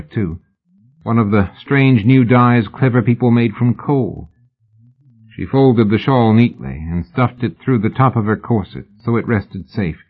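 Male audiobook narrator, measured even reading, lowish voice, narrow phone-line sound.

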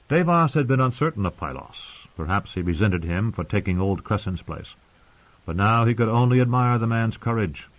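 A man narrating a fantasy audiobook in a steady storytelling voice. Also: on the low side. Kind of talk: scripted narration. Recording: tinny phone-like sound.

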